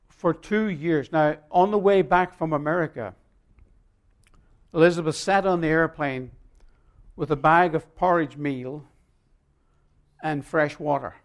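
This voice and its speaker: A male pastor preaching a sermon, emphatic and swinging between loud and quiet, telling stories with long pauses. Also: a little high, fairly even intonation, clean tone.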